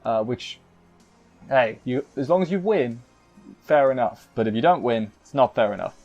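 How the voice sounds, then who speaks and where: A man's voice: mid-range voice, expressive, moderate pace, dull audio, faint music behind. A man giving a rambling, jokey live recap of an anime episode, often poking fun at himself. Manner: rambling, jokey, self-deprecating. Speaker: anime reviewer.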